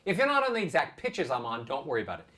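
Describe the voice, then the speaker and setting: Encouraging male vocal coach, higher voice. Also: wildly swooping pitch, racing, pushed and bright. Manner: encouraging, demonstrates sung vibrato syllables. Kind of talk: singing lesson with vocal exercises.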